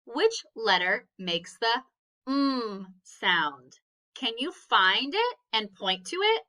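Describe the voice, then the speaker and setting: A woman's voice: on the high side, very animated, slow pace, bright, forceful tone. A woman teaching a phonics lesson to children, patiently sounding out each letter and praising answers.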